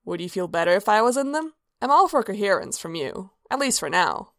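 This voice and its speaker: A woman's voice: mid-range voice, big pitch swings, brisk, dry recording. A woman voicing a playful, flirtatious male demon prince with a brash, teasing manner, recorded dry and close.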